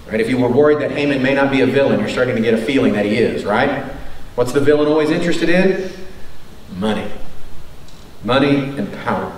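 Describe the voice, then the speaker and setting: A man's voice: medium pitch, distant mic, slight background noise. A man preaching a sermon as pastor, in a conversational way that often checks in with the listeners. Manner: conversational, tag questions "right?". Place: church hall. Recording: echoey room from off the mic.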